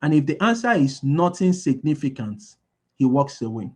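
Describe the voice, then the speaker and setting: High-voiced man repeating points for emphasis. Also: sing-song, normal speed, darkish tone, husky. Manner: repeats key lines for emphasis; asks the audience call-and-response questions. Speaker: business speaker. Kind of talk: motivational business talk.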